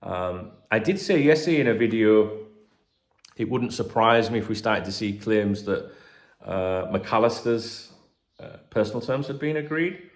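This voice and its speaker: A middle-aged man hosting a football channel reads transfer gossip in a chatty manner, tossing in cheeky jokes and the occasional swear word. His lowish voice has lively intonation and a measured pace, recorded in a roomy, echoey space.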